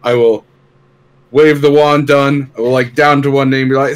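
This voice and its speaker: A man's voice: medium pitch, flat delivery, normal speed, smooth. A man playing a tabletop game, hesitant and playful, cracking jokes. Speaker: player. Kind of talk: casual tabletop game play.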